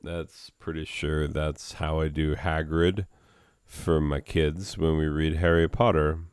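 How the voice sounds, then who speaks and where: Self-mocking man, low mumbly asides. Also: level tone, slow, darkish tone, smooth, no echo, studio quality. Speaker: comedic video host, father. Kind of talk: casual comedic aside.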